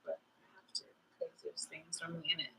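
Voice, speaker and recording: A woman's voice: deep voice, completely flat delivery, quick pace, gravelly, bright, forceful tone, slight background noise, poor audio. A woman vlogger chatting casually to her viewers, rambling and frank, swearing freely.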